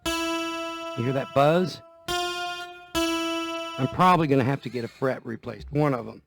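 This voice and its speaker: This guitar vlogger's gravelly, mid-range voice moves slowly and swings hugely in pitch. He chats casually and folksily about guitar care, repeating himself, while a guitar is played occasionally.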